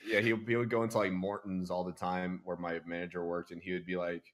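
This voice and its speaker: A man's voice: sits low, quick pace. A young man co-hosting a podcast, telling stories in casual chat and acting out the people he quotes, laughing often. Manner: animated storyteller, acts out quotes, laughs often. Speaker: podcast co-host.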